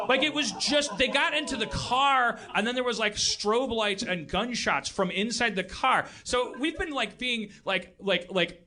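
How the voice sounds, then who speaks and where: High-pitched man ranting on a live stage. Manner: animated, acting out characters with shouts and laughs. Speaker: podcast host. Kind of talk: comedic storytelling rant. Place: live stage before an audience. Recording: live theater recording with crowd.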